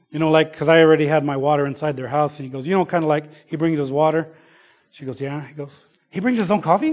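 Dynamic preacher with a fairly high voice. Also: male voice. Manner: dynamic, swings between loud exclamations and hushed asides; conversational storytelling with fillers. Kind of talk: sermon.

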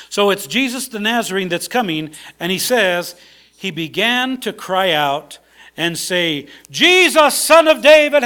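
Man, preacher, high voice, conversational sermon, frequent fillers and restarts. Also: fairly bright tone.

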